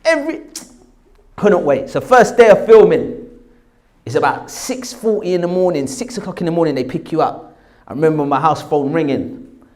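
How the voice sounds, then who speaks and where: Speaking at a moderate pace with a fairly high pitch, a man in his forties shares a story from earlier in his life. He's an English actor with a South London accent who animatedly voices the people he quotes.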